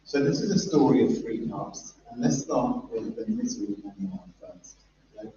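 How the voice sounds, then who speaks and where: A man's voice: medium pitch, very animated, normal speed, warm tone. A man, giving a chatty, jokey conference talk and talking with the crowd. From London, England. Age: 50s. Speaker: guest speaker at an industry event. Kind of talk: conference talk to a live audience. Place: large echoey event room. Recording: echoey, muffled, distant with faint noise.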